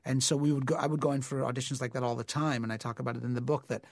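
A man's voice: mid-range voice, steady tone, very fast, gravelly, no echo. Reflective man telling stories in a dry, close recording. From United States. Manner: reflective, many fillers and restarts. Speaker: actor, interview guest. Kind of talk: conversational interview storytelling.

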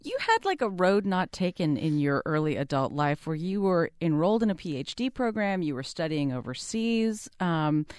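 A woman's voice: fairly low pitch, big pitch swings, moderate pace, hardly any pauses, a little mellow, clean tone, no echo, studio quality. A woman hosting a radio call-in show, asking curious conversational questions. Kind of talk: interviewing.

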